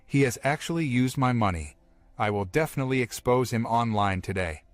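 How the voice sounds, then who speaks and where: A man's voice: mid-range voice, lively intonation, fairly quick, dry recording, close to an everyday voice. A male narrator voicing an angry, scheming young woman in a comic story, with accusing lines. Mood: indignant. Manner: indignant, accusing.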